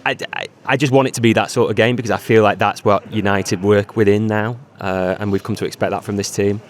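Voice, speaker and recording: Fast-talking male pundit. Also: lowish voice, steady tone. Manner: quick, stammering thinking aloud. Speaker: podcast pundit. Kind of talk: casual podcast chat.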